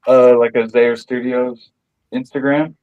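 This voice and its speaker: A man's voice: medium pitch, level tone, measured pace, a little mellow, clean tone. Easygoing man on a dull lo-fi mic. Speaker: artist. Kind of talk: casual chat. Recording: dull lo-fi sound.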